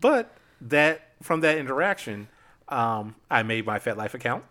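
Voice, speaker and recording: A man's voice: mid-range voice, very animated, measured pace, a bit bright. A man chatting casually on a podcast, playful and laughing often as he tells stories. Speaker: podcast guest. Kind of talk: casual chat.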